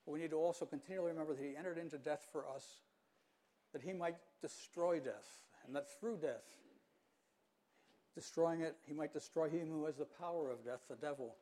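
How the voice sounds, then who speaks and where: Older male preacher, measured and earnest, warm mellow tone, slightly raised pitch. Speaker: pastor. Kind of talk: sermon.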